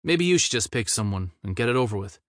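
A man reads a weary male rock star in his twenties, with a soft Irish lilt. He grumbles, dry and wry, in a lowish voice. The sound is close and dry. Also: big pitch swings, fast talker, no echo. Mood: teasing. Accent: slight Irish lilt. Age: 20s.

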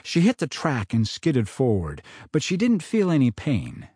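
A man reading his own novel aloud in dramatic, expressive audiobook narration. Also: mid-range voice, unhurried, slightly rough, no room sound, clean studio sound.

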